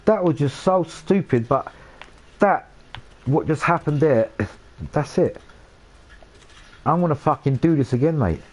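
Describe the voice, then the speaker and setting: A man's voice: fairly high pitch, measured pace, pauses often, darkish tone. A young man commenting casually on his gameplay for viewers, swearing often and getting worked up. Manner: swears a lot, talks to his viewers, flares up in frustration. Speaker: live-streaming gamer.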